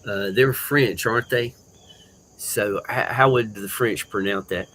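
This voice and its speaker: A man with a rough, lowish voice chats casually with his livestream viewers, rambling along slowly and filling pauses as he goes. Faint crickets and insects chirp in the background. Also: slight background noise, low-quality recording. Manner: relaxed, rambling, with many fillers. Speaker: livestream host. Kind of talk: casual chat with live viewers.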